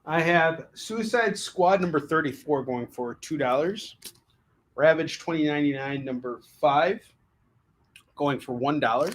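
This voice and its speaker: A man hosts a casual live sales stream in a somewhat high voice. He keeps it loose and joking, swears freely and often restarts his sentences as he calls out prices. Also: a little slow, fairly bright tone, slight background noise. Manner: loose, joking, swears, stumbles over words. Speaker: host selling comics live.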